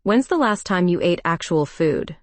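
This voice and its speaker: A woman's voice: on the low side, animated, normal speed, no echo, lightly acted. A woman voicing a blunt, teasing female best friend in her late thirties in a storybook dialogue, talking in a bossy, pushy way.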